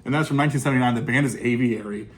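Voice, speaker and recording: A man's voice: medium pitch, rapid-fire. A man casually talking through his recent record purchases, enthusiastic and rambling, with lots of fillers and restarts. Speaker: vinyl collecting YouTuber. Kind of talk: casual record haul review.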